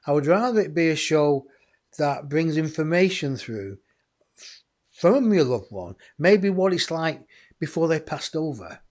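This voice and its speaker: A man's voice: fairly high pitch, expressive, unhurried, darkish tone. A man hosting a live psychic medium show, rambling and chatty as he talks to his viewers. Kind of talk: live-streamed channeling show.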